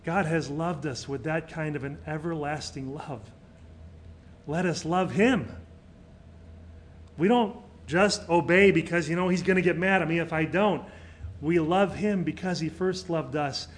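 A man's voice: a little high, unhurried, slight background noise. Middle-aged man preaching with surging emphasis. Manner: dynamic preaching that swings between loud emphasis and quiet softness. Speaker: pastor. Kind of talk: sermon.

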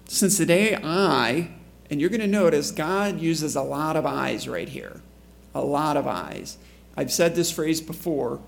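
A man's voice: on the high side, creaky. A man preaching a conversational sermon to a congregation in church, often asking the listeners questions. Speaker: pastor.

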